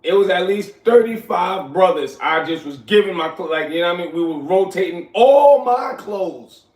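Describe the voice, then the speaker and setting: A man, telling stories from his youth in casual, animated talk, often asking "you know what I'm saying". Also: high voice, normal speed. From New York. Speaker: host. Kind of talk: casual storytelling. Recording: echoey room, far from mic.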